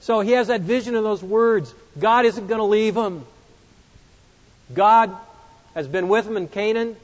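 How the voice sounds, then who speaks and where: A man preaching an expository sermon, emphatic, swinging between loud exclamations and hushed, reflective passages. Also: high voice, measured pace. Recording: muffled sound with long hall reverb.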